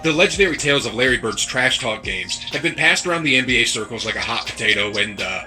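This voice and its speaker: A man giving scripted narration for a sports story video, in an even storytelling read. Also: medium pitch, fast talker, soft background music.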